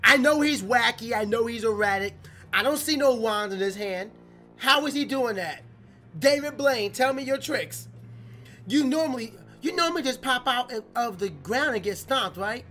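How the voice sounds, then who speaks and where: A man hosting a let's play, chatting casually about the game, reacting loudly and reading its text aloud. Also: very high-pitched, animated, moderate pace, soft background music. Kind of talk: casual gameplay commentary.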